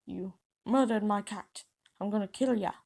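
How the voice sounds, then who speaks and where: A woman voicing a grumpy old male school caretaker who talks in a gruff, threatening way. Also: mid-range voice, moderate pace, a little mellow. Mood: angry.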